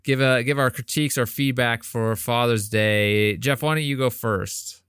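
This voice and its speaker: Bright-voiced podcast host. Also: male voice, medium pitch, steady tone, normal speed, clean tone, no room sound, clean studio sound. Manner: chimes in with short remarks and laughs, then leads the segment. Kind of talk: casual chat.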